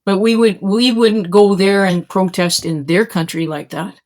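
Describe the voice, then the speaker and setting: Slow, urgent woman. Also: mid-range voice, fairly even intonation, a little mellow. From Canada. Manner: urgent, emphatic, pleading with listeners. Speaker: podcast host. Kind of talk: impassioned monologue.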